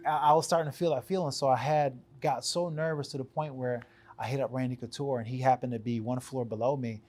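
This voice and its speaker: A man's voice: mid-range voice, fairly even intonation, fast talker, a little mellow. A man, a fighter guest, telling a story in an interview, acting out quotes and laughing often.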